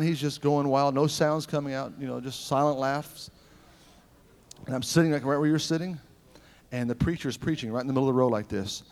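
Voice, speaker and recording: A middle-aged man preaching at a revival service, telling personal stories in an animated way that swings from loud, ringing lines to hushed ones. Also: mid-range voice.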